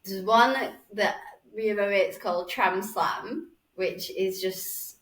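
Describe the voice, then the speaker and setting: A woman's voice: mid-range voice, fairly even intonation, slow. A woman in her forties with a Northern English accent, telling a dating story as a podcast guest in a chatty, sweary way. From Northern England. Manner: chatty, swearing, acts out voices. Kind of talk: casual chat, storytelling. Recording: roomy, slightly distant mic.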